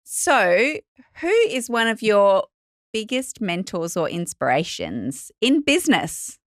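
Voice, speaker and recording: A woman's voice: mid-range voice, big pitch swings, slow pace, no room sound, studio quality. A woman hosting a podcast, an enthusiastic and encouraging interviewer in a conversational interview. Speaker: podcast host.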